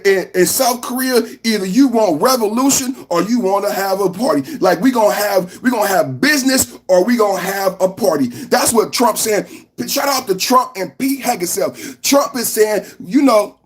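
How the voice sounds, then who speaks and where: High-voiced man ranting loudly on a live stream. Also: animated, moderate pace, breathy edge. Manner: loud, repetitive, sing-song ranting at the chat. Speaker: podcast host. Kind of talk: live-stream political commentary.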